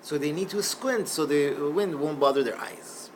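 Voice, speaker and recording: A man voicing a patient, gentle old sage who answers kindly within a told story. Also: on the high side, normal speed, slight background noise, close to an everyday voice.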